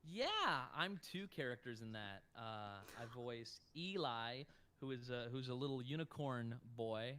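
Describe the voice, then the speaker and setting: A man's voice: medium pitch, a little slow, a bit bright, clean tone. A man who works as a voice actor, chatting casually on a livestream, swearing now and then and laughing often. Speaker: voice actor guest.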